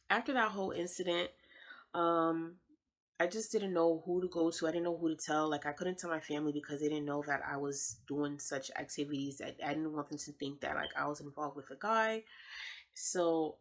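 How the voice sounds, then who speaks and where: A woman's voice: deep voice, moderate pace. A woman sharing a personal testimony as a vlogger, speaking in a casual, slangy, conversational way. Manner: slangy, conversational, frequent "I'm like" quotations. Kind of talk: casual spoken storytelling.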